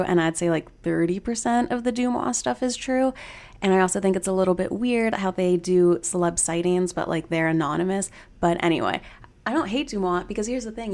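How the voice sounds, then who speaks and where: Woman, podcast host, slightly low pitch, chatty, gossipy, casual swearing. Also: a little mellow.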